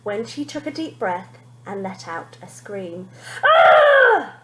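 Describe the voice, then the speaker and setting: A woman teacher reading a children's storybook aloud, lively and expressive, pointing out the pictures. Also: medium pitch, measured pace, roomy sound, slight background noise, rough recording.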